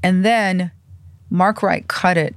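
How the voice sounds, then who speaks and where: Older woman guest, vivid storyteller, animated delivery, dry close mic. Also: lowish voice, slow, no echo. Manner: animated anecdotes, acts out quoted voices. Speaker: music industry publicist and manager, guest. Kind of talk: storytelling interview.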